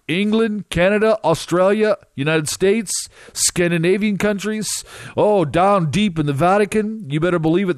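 Man, deliverance minister type, slow and emphatic testimony, somewhat higher voice. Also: no room sound, clean studio sound. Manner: emphatic, halting, with drawn-out pauses. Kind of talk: dramatic first-person testimony.

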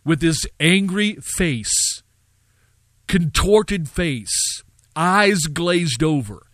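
A man's voice: fairly high pitch, fairly bright tone, no room sound. Earnest male radio host, dry and close. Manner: earnest preaching cadence with fillers. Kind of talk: live radio talk, storytelling.

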